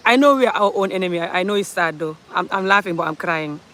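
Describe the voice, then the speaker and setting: A woman's voice: medium pitch, animated, moderate pace, fairly bright tone. A woman from Gambia, passionately ranting in an opinionated social commentary monologue, full of rhetorical questions. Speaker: commentary vlogger.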